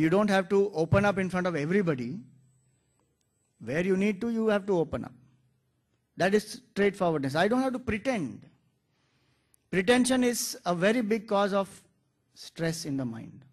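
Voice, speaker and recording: A man's voice: high-pitched, normal speed, pauses often. A man, giving an earnest spiritual discourse and quoting scripture as a teacher. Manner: earnest, explanatory, quotes scripture.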